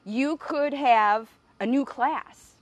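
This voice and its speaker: A woman's voice: sits high, slow, dry recording, dull audio. Earnest middle-aged woman, emotional live stream. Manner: earnest, emotional, laughing often. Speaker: speech pathologist hosting a live video. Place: standing outside by a window.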